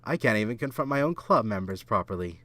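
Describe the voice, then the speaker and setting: A man reading as a calm girl club president. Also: fairly low pitch, fast talker, no echo. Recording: game music playing under the voice.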